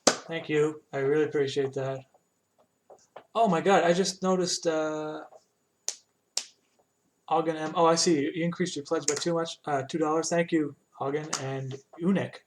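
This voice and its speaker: A man chatting casually while he animates on a live stream, halting often with fillers and restarts. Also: fairly high pitch, fairly even intonation, noisy background. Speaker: animator streaming his work.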